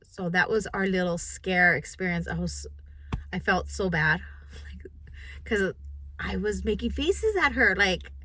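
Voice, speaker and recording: A middle-aged woman telling a story to camera in a casual vlog, animated and full of restarts, acting out what people said. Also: medium pitch, measured pace, pauses often, slight background noise, low-quality recording. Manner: animated, acts out quotes, many restarts. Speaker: vlogger.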